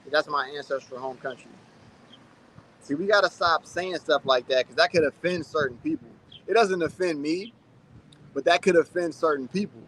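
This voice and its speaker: High, bright-voiced man in his thirties. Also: normal speed, slight background noise. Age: 30s. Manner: loose and chatty, full of "like" and "man". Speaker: channel host. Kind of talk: casual livestream chat reading comments.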